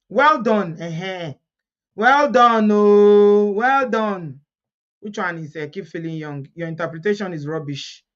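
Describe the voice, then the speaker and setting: Nigerian woman vlogger, animated gossip commentary, frequent laughter, lo-fi sound. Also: medium pitch. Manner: animated, laughs often, reads comments aloud.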